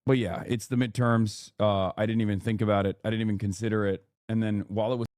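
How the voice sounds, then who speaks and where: A man's voice: on the low side, little pitch movement, fast, a little mellow, dry recording, clean studio sound. A man talking casually in a played clip, rambling and restarting sentences.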